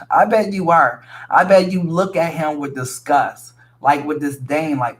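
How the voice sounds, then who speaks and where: A man's voice: on the high side, steady tone, measured pace, hardly any pauses, a bit bright. A man giving a casual tarot reading to his viewers, talking bluntly and frankly, swearing freely and calling the listener sweetie. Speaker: tarot reader.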